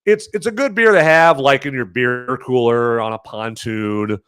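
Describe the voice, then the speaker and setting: A man hosting a podcast, talking casually to the camera in a rambling way, full of fillers and self-corrections, swinging between loud emphasis and muttered asides. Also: mid-range voice, moderate pace, clean tone, dry recording, clean studio sound. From American Midwest. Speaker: podcast host reviewing movies and beer. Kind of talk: casual solo commentary.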